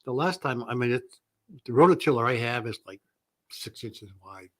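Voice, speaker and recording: A man's voice: medium pitch, animated, moderate pace. A man chatting casually in an easygoing way, mostly with short agreeing replies. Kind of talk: casual chat.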